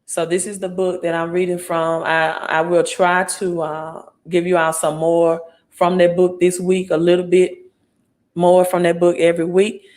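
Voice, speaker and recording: A woman's voice: on the low side, flat delivery, normal speed, a little mellow. A woman from Mississippi with a Southern accent, hosting a casual live stream on her phone, reading comments and often asking "right?". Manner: chatty, reads viewer comments aloud, keeps asking "right?".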